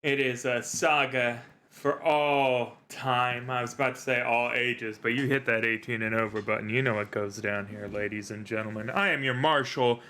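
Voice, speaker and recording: A man's voice: mid-range voice, fairly even intonation, moderate pace, bright, forceful tone. A man hosting a live tabletop role-playing stream as game master, joking and rambling with fillers.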